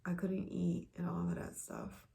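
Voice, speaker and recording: Earnest woman with a low gravelly voice. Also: huge pitch swings, unhurried. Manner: earnest, repeats lines for emphasis, often softens to near a whisper. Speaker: vlogger sharing a health journey. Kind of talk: casual personal vlog.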